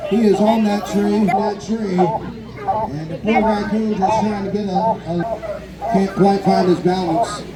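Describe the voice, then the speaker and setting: A festival announcer gives joking, chatty play-by-play of an outdoor contest as live event commentary. The mid-range voice is slow and fairly even in intonation, coming through a public address loudspeaker that echoes amid a crowd.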